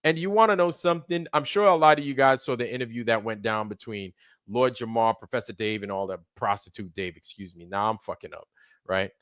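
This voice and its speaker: A livestream host delivers heated, profane commentary, repeating himself for emphasis. His medium-pitched voice moves a little fast, with a fairly bright, clear and resonant tone. The recording is studio quality with no room sound.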